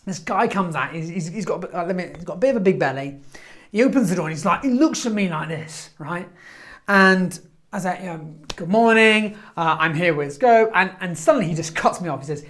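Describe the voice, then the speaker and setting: Animated motivational speaker, man. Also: sits high. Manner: animated, quick storyteller acting out quotes. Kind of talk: motivational storytelling talk.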